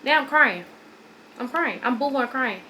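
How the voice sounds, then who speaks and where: A young woman vlogger telling a long, rambling story while doing her hair at home, repeating herself and talking in an animated way. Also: high voice, a little slow, slight background noise. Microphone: phone or camera on a stand.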